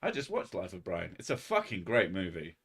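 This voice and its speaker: A man's voice: sits low, huge pitch swings, brisk, a bit bright, slightly rough. Sweary, rambling man streaming. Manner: rambling, sweary and self-mocking. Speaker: streamer hosting a live chat. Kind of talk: casual live-stream chat.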